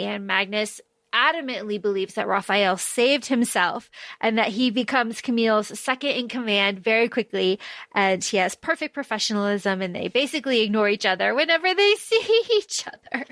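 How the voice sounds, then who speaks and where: Woman, podcast co-host, bright high voice, dry close sound, gushing book chat. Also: moderate pace, no echo. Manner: gushing, quotes characters in bursts. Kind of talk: casual book discussion chat.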